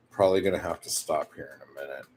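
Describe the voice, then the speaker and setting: A man's voice: a bass voice, darkish tone. A young man chatting casually with his stream viewers, rambling and swearing, full of fillers like "like". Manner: rambling, profane, lots of "like".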